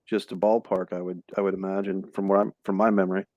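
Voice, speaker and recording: A man with a lowish voice adds quick, offhand remarks in a casual podcast chat. The sound is dry and close, with no room around it. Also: flat delivery, a little mellow, no room sound, highs cut off. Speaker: podcast co-host.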